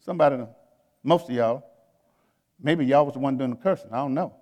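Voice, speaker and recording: A pastor with a medium-pitched, slightly mellow voice preaches briskly to his congregation, and the audio has a big-room sound. His style is folksy and conversational, addressing the crowd directly and laughing between points.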